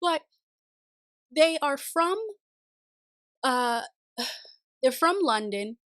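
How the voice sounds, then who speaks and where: A woman with a fairly high voice chats through a TV series review for her channel. She talks straight to her viewers in a casual, expressive way and laughs often. The sound is close and dry, with no room echo. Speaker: TV review vlogger. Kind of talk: casual spoken review to camera.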